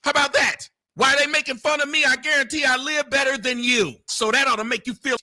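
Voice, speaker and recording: A man arguing in a heated debate, loud and sarcastic, often shouting over others. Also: very high voice, fairly even intonation, fast. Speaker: debate panelist. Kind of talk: heated argument.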